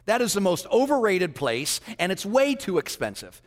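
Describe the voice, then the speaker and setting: A dismissive know-it-all beautician, played by a man telling a joke from the pulpit. She scoffs at every plan in a high, swooping voice. The sound rings with long reverb from a large hall. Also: sing-song, normal speed.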